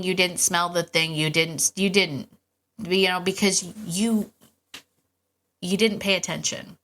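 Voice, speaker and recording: A middle-aged woman with a low-pitched voice talks casually on her podcast. Her tone is bright and forceful, and she gets enthusiastic and chatty, with frequent asides. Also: unhurried. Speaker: podcast host and dog trainer. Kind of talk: casual solo podcast talk.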